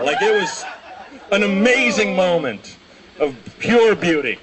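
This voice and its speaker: A young man doing a stand-up comedy set, telling rambling stories and breaking into shouted impressions. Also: high voice, lively intonation, unhurried, a crowd in the background, noisy background. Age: young adult. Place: small comedy show venue.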